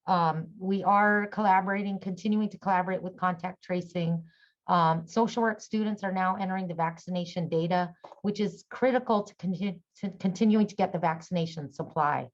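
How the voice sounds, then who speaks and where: A middle-aged woman speaking as a conference panelist, earnest and halting with many fillers. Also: lowish voice, dull audio. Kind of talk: conference presentation.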